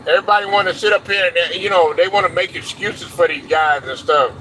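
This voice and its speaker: A man's voice: sits high, fairly quick, bright, forceful tone, rough recording. A man hosting a sports show, delivering a blunt, profane, preachy rant with faint traffic noise around him. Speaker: sports commentary host.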